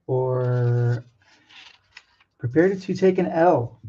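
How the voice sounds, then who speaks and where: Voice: mid-range voice, takes it slowly, mellow, highs cut off. An artist talking casually to camera about drawing, hesitant and nervous, with many ums and restarts and some self-mocking asides.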